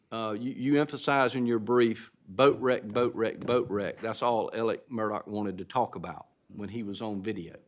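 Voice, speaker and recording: A man serving as a justice, questioning counsel from the bench in a halting, searching way with many restarts. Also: medium pitch, fairly bright tone. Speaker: appellate justice.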